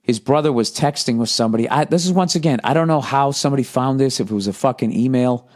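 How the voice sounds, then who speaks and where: A man's voice: medium pitch, fast talker, darkish tone. A man in his forties with an American accent, riffing profanely through a comedic podcast monologue and reading aloud with mock outrage. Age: 40s. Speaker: podcast host.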